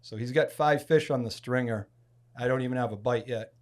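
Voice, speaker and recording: A man from Massachusetts tells a long story on a podcast in a casual, chatty way. His voice sits at an ordinary middle pitch, and he swings it widely to act out the people he quotes. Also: a little fast. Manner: animated storyteller, acts out quoted speech with loud bursts. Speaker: podcast guest.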